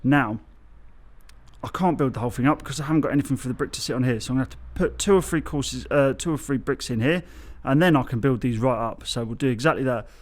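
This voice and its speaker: A man's voice: medium pitch, quick pace. A man, chatting casually on an outdoor building site and explaining his bricklaying, often losing his thread and correcting himself. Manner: chatty, loses his train of thought, self-corrects. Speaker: bricklayer vlogger.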